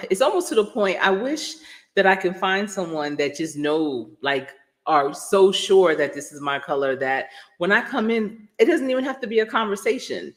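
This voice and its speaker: A woman coach chatting casually on a live stream. She rambles, laughs often and answers her viewers directly. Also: lowish voice.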